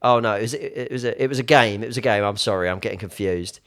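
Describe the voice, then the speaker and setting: A young British man co-hosting a podcast, chatting in an animated, hesitant way. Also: on the low side, quick pace. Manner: animated, hesitant, many fillers and restarts. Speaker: podcast co-host. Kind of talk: casual chat.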